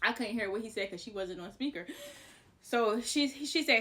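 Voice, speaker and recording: A woman tells a personal story in a casual, animated way. Her voice is bright and a touch high, with a forceful edge. She leans on fillers and curses freely as she talks. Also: normal speed. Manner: animated, chatty, swears freely. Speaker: vlogger, house painter.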